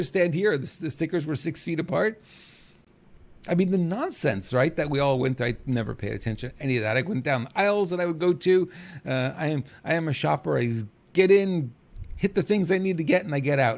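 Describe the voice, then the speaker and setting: A middle-aged man talking in a casual monologue as a podcast host, animated and chuckling, acting out quotes. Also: vocal fry. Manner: animated, acts out quotes with big pitch jumps, chuckles.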